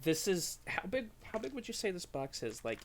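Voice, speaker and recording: A young podcast co-host from Illinois, USA, has a high voice with big pitch swings at normal speed. In casual chat he's giggly and joking, laughing a lot.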